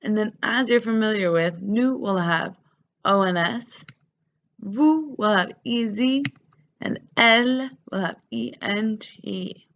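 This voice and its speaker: A woman's voice: medium pitch, slow pace, creaky, a bit bright, muffled recording. A woman teaching French grammar, patiently spelling out verb endings letter by letter. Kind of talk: grammar lesson.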